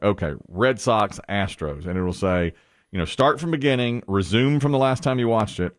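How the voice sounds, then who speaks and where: A man's voice: fairly low pitch, no room sound, clean studio sound. A middle-aged man hosting a morning show, chatting casually and acting out the voices in his stories. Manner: animated storyteller, acts out quoted voices. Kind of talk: casual radio show banter.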